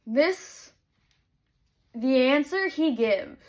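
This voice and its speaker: A young woman chatting about a book she is reading for her viewers. She is candid and gushing, and her voice sits on the high side. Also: expressive, very slow. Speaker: book vlogger. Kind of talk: casual chat while reading aloud.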